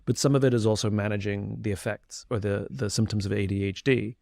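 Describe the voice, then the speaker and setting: A man's voice: fairly low pitch, fairly even intonation, a little fast, vocal fry, a little mellow, dry recording. Candid reflective man, dry studio sound. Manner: reflective, candid, frequent restarts and fillers. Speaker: interview guest. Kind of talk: candid conversational interview.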